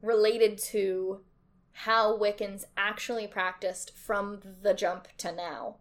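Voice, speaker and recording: A woman's voice: mid-range voice, fairly even intonation, slow. A woman co-hosting a casual podcast. She delivers blunt, dry quips in a matter-of-fact way, with a plain conversational voice. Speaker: podcast co-host. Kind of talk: casual chat.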